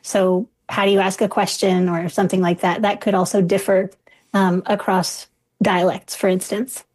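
A woman who studies accents, a guest explaining clearly and patiently in conversation. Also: mid-range voice, flat delivery, moderate pace, darkish tone. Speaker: linguist guest.

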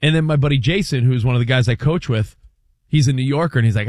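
A man's voice: mid-range voice, quick pace, dry recording, clean studio sound. New man telling a sports story. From New York. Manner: storytelling, animated, self-deprecating. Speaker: podcast co-host, youth sports coach. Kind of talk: casual sports chat.

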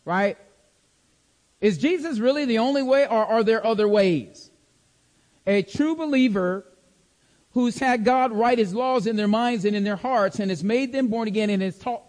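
High-voiced man teaching a sermon. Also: a little mellow, in a large hall. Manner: emphatic, repeats phrases, checks in with "okay?". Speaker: preacher. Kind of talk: sermon-style Bible teaching.

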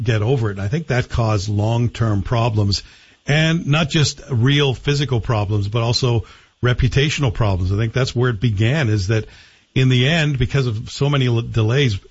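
A man hosting a radio talk show, speaking in a measured, reflective way. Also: mid-range voice, breathy edge, lo-fi sound. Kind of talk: radio interview and read ad.

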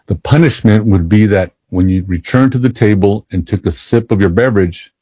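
A man, a former state trooper, telling stories from his time on the job in a casual, halting way, with many "uh"s and restarts and chuckles at his own tales. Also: low voice, mellow, no echo. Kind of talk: casual anecdotal storytelling.

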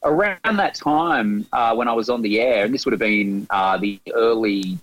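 An Australian man in his thirties talks eagerly as a radio guest. His voice sits a little low, and he keeps restarting and repeating words as he goes. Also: normal speed, fairly bright tone, poor audio. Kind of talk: reminiscing radio interview.

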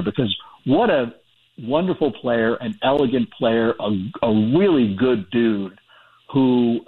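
A man's voice: mid-range voice, breathy edge. A man being interviewed as an author, telling stories in a chatty way with many fillers and restarts. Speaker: author guest. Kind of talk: phone-in radio interview. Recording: tinny phone line.

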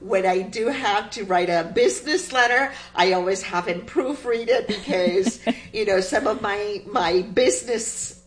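A woman's voice: medium pitch, measured pace, low-quality recording. A woman whose family is Cuban, telling family stories in a conversational interview as a guest and acting out the voices she quotes. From United States, Cuban family. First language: English. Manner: animated, acts out quoted voices.

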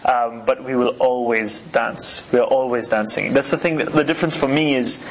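A man from Uganda who grew up in New York, chatting in a relaxed, easygoing way as an interview guest. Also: mid-range voice, normal speed. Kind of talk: relaxed conversational storytelling.

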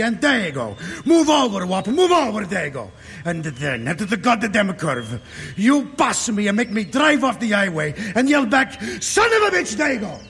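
An actor playing a hot-tempered, tender-hearted Sicilian truck driver who speaks broken English with a Sicilian Italian accent, in a 1950s film drama. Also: male voice, sits high, a little hiss or hum, heavily acted. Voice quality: broken English, emotional and loud.

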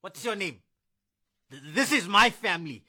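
An actor playing a drunk, abusive ex-husband who is a bullying cop, slurring and taunting. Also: male voice, high-pitched, very animated, moderate pace, bright, forceful tone, full character voice.

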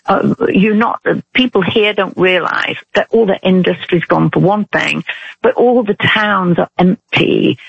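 A British woman calling in to a talk radio show, speaking earnestly and haltingly, heard over a phone line. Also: on the low side, vocal fry, breathy edge, no room sound. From Britain. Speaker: caller.

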